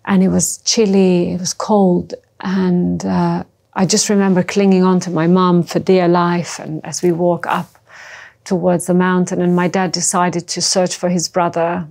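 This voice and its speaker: A middle-aged woman from the former Yugoslavia, recounting her past in a halting, emotional personal testimony. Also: on the low side, flat delivery, gravelly, a little mellow. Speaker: interview guest.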